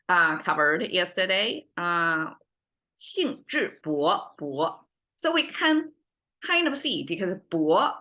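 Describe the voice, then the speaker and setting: Woman explaining words, lowish voice but bright and forceful, lots of ums and rights. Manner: thinks aloud with many ums and rights. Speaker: Chinese language teacher. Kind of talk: casual explanatory lesson.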